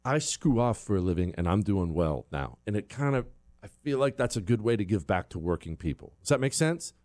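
A man's voice: fairly low pitch, very animated, fairly quick. Ranting, sarcastic male talk host. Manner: sarcastic, ranting, swings from loud to muttered asides. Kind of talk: opinionated monologue.

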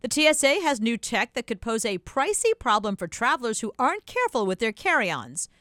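A female news anchor reading scripted headlines in an even, measured way. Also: a little high, no echo, studio quality.

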